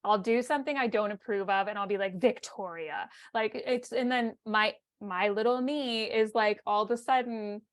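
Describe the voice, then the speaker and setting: A woman's voice: on the high side, fairly even intonation, normal speed, few pauses. A woman hosting a podcast in a casual conversation, speaking in an agreeable, affirming way. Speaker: podcast host.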